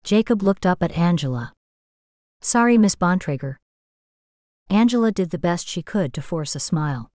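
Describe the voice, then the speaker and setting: Low-voiced woman narrating an audiobook. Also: animated, fairly quick, few pauses, warm tone, no room sound, clean studio sound. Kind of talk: scripted narration.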